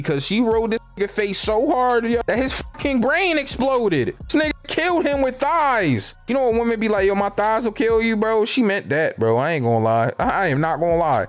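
A man's voice: sits high, clean tone. A man giving a casual, slang-heavy, profane recap of a TV episode as a YouTube commentator. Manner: slangy, profane, animated storytelling.

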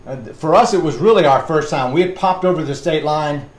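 A man's voice: a little high, a little fast. Chatty man leading a workout. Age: middle-aged. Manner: rambling, chatty, counting reps loudly. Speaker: fitness instructor. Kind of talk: leading a workout class with chat. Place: fitness class, indoors. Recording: echoey room with background noise.

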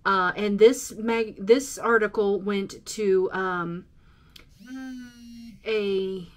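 A woman's voice: medium pitch, fairly even intonation, very slow. A woman hosting a casual solo podcast, reading from her notes with many ums and uhs. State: out of breath. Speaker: podcast host.

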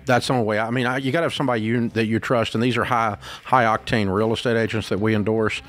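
A man's voice: on the low side, steady tone, fast, fairly bright tone, soft background music. Blunt, folksy male advice-show host. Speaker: radio show host giving financial advice.

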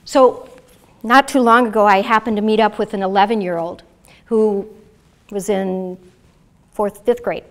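A middle-aged woman, founder of a self-care method, calmly guides listeners through exercises and tells stories with enthusiasm. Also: mid-range voice. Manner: calm, guiding, enthusiastic. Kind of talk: guided instruction and storytelling.

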